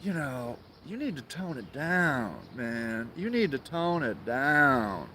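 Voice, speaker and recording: A man putting on the voice of a whiny, scolding moderate, low, hushed and mocking. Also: big pitch swings, takes it slowly, a little hiss or hum, exaggerated voice.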